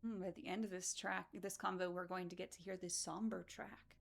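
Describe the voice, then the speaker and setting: A woman's voice: fairly low pitch, little pitch movement, fairly quick, vocal fry. A woman hosting a charity speedrun stream, chatting in a bubbly, playful way with frequent giggles. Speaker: charity speedrun marathon host. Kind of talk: casual chat.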